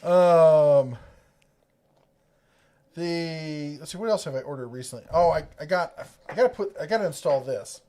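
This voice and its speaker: A man's voice: on the high side, normal speed, dark tone. A middle-aged man from the Ohio and Kentucky area hosts a casual livestream, reading viewer comments in a rambling, jokey way that keeps breaking off mid-sentence. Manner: rambling, self-interrupting, jokey. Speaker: host of a tool livestream.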